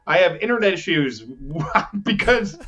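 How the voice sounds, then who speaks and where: A man's voice: a little high, brisk. Ranting man on a dull home mic. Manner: animated, ranting, frustrated with tech. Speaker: podcast co-host. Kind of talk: live podcast chat. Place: home with kids playing nearby.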